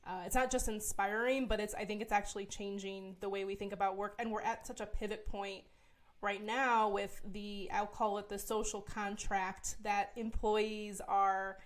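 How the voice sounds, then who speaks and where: A woman's voice: medium pitch, level tone, normal speed. Enthusiastic woman hosting an interview. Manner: enthusiastic, meandering questions. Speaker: interview host. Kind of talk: casual interview talk.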